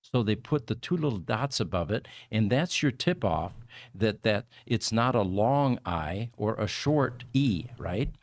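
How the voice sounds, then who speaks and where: A man's voice: on the low side, animated, measured pace, no room sound. A man hosting a livestreamed podcast, chatting casually and rambling through explanations with many fillers. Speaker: podcast host.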